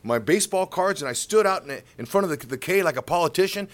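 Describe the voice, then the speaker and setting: A middle-aged man, a baseball color commentator, telling a story in an interview. He is animated, acts out the quotes and repeats words when excited. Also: fairly high pitch, fast, few pauses.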